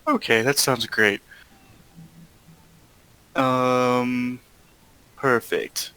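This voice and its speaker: A man voicing a young male adventurer who speaks slowly and hesitantly with a wry tone. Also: medium pitch, fairly even intonation, bright, forceful tone, smooth, no echo, poor audio.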